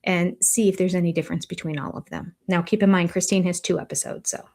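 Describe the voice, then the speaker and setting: A woman's voice: lowish voice, fairly even intonation, a little mellow. Older woman dissecting words with dry sarcasm. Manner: deliberate, dryly sarcastic. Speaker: commentary host. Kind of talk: analytical commentary.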